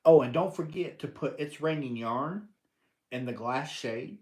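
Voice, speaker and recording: A man's voice: medium pitch, measured pace, a little mellow. An older man hosting a casual live stream, answering viewers and teasing them playfully, often laughing. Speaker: livestream host.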